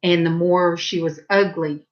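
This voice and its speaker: Slow-talking Southern woman, chatty vlogger. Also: on the low side, fairly even intonation, muffled recording. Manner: rambling, chatty, lifts her voice brightly when quoting herself. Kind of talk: casual storytelling.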